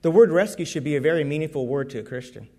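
A man from the United States preaching a sermon, telling a story in a conversational, lively way. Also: fairly high pitch, very fast.

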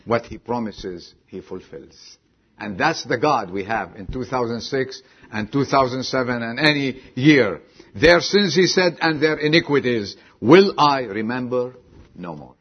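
A man preaching a sermon, dropping low and quiet, then bursting out loud and high, and asking the congregation direct questions. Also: expressive, measured pace, husky, highs cut off. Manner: swings from low quiet lines to sudden loud high exclamations. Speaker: pastor.

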